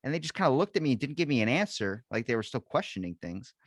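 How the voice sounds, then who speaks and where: A man's voice: medium pitch, sing-song, quick pace, dry recording, clean studio sound. A young American man from the East Coast hosting a podcast, telling rambling anecdotes with lots of swearing and acted-out voices. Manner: rambling storyteller, swears a lot, acts out quoted voices. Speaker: podcast host. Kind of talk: casual chat.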